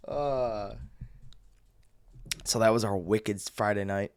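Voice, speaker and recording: A man's voice: fairly low pitch, measured pace, vocal fry, pauses often, no echo, studio quality. Profane young man telling a story. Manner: profane, animated, acts out yelling in quotes. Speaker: vlogger. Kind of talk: casual storytelling rant.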